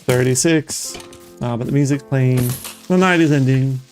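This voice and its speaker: A streamer giving excitable, chatty live gameplay commentary and talking straight to the viewers. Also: medium pitch, moderate pace, faint music behind.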